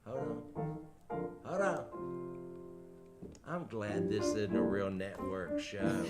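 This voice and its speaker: A man's voice: lowish voice, expressive, slow, loud music behind the voice. A man hosting a casual livestream, chatty and joking at his own expense. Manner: chatty, joking, self-deprecating. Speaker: host.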